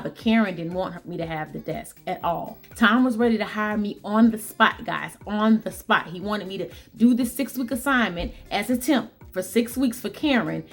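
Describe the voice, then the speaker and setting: A bubbly, upbeat woman telling viewers a workplace story, repeating phrases for emphasis and talking straight to them. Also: mid-range voice. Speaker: vlogger telling a work story. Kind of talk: storytelling monologue.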